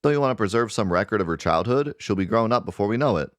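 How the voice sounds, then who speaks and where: A man's voice: on the low side, lively intonation, fast talker, no echo, natural voice. A man voicing a doting, loving middle-aged professor and father, reading game dialogue aloud.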